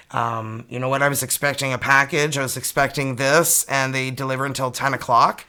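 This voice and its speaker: A woman with a Canadian accent, a tarot reader telling her viewers a story in a chatty, animated way, full of "like" fillers, from her home studio. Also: a bass voice, fairly quick, few pauses.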